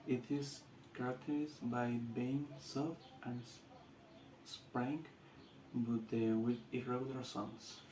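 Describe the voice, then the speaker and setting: A man with a Latin American Spanish accent, a student giving a class presentation in halting English with restarts. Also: medium pitch, little pitch movement, dark tone, reverberant, slight background noise, rough recording.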